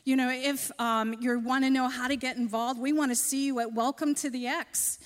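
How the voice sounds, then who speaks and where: A woman preaches to a church congregation, telling a personal story with gentle self-deprecating humor. Her voice sits fairly high. The sound carries the long reverb of a large church hall. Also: fairly even intonation, moderate pace. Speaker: church speaker.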